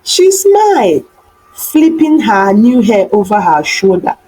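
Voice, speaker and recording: A woman narrating an animated folktale in an expressive, dramatic way. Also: mid-range voice, slow, poor audio. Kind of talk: storybook narration.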